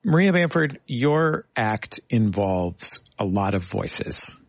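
A man hosting an interview, playful and quick to joke along with his guest. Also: fairly low pitch, creaky, no room sound. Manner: playful, laughs along, lively questions. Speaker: interview host. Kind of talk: radio interview.

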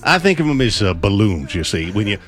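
A man's voice: lowish voice, very animated, brisk, fairly bright tone, faint music behind. A man doing a brash, folksy old team owner. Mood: boastful. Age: older. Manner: folksy drawling crude boasts. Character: impression of a brash older male football team owner. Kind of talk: comedy impression on sports radio.

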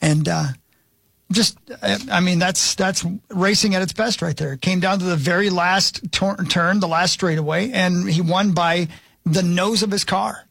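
A man's voice: high voice, steady tone, normal speed, creaky, a bit bright, no room sound. A man co-hosting a casual podcast, talking enthusiastically and rambling a little. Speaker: podcast co-host. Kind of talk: casual banter.

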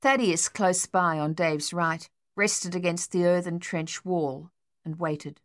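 A woman narrating an audiobook in a steady, measured storytelling voice. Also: lowish voice, dry recording, clean studio sound. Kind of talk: scripted narration.

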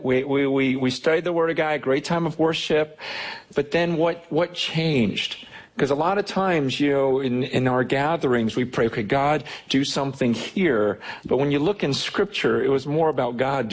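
A man preaching a sermon as pastor, reading scripture slowly and then speaking in an animated way, often repeating words. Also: medium pitch, low-quality recording.

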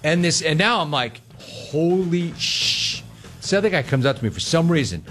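A man's voice: a little high, big pitch swings, fast, a bit bright, soft background music. A man hosting a radio show, telling a story casually and acting out other people's lines.

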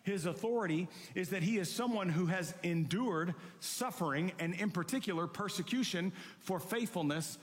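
Passionate high-voiced preacher in a reverberant hall. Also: male voice, moderate pace. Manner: passionate, reads scripture aloud. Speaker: pastor. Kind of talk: sermon.

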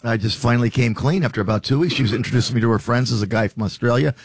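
Husky radio cohost guy, animated, dry mic, jokey confessions. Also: medium pitch, rapid-fire, no room sound. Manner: self-mocking storyteller. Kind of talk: casual radio banter.

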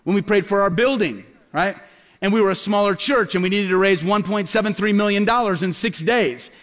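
A middle-aged man with a notably high voice preaches a storytelling sermon. He acts out the people he quotes with lively shifts. His voice rings with a long hall reverb. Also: brisk. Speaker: pastor.

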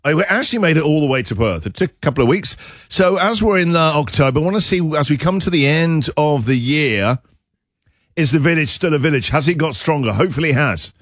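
A man's voice: a little high, animated, quick pace, fairly bright tone, dry recording, studio quality. A man hosting a radio show, teasing his co-host in playful banter with sing-song asides.

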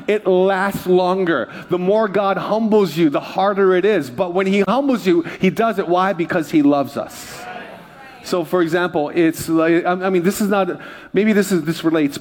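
Animated middle-aged pastor with a fairly high voice. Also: male voice. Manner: animated storytelling with funny voices for quoted people. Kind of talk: sermon.

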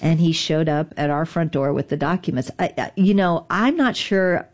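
A woman's voice: deep voice, moderate pace. A woman guest in an interview, candidly recounting events in a wry, conversational way. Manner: candid, wry, self-deprecating. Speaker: interview guest, digital rights advocate. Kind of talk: conversational storytelling.

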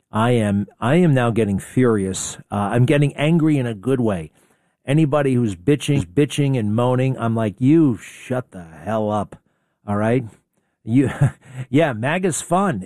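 A man's voice: a little high, darkish tone, no echo, studio quality. A man hosting a talk radio show, ranting combatively and firing off rhetorical questions. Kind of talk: opinionated radio monologue.

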